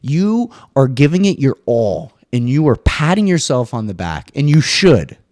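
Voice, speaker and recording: A man hosting a casual solo podcast monologue, swearing freely and jumping into high mock voices now and then. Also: big pitch swings, unhurried, darkish tone, no room sound, clean studio sound. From US East Coast. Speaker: podcast host.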